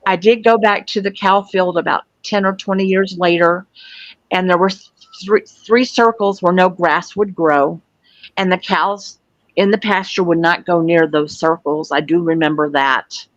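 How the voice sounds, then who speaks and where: Older lady from florida, lowish voice, telling her story plain and earnest, dull lo-fi sound. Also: a little slow, no room sound. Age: 60s. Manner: matter-of-fact, earnest storytelling. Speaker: guest, UFO field investigator. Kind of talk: recounting a personal experience. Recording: dull lo-fi, dry.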